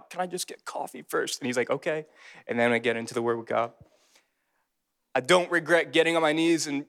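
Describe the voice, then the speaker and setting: A young man with a high-pitched voice preaches in a relaxed, chatty way. He leads a young adult ministry, and he lifts his voice when he reads scripture aloud. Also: clear, resonant tone. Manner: casual and conversational, rising in pitch when preaching. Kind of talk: sermon.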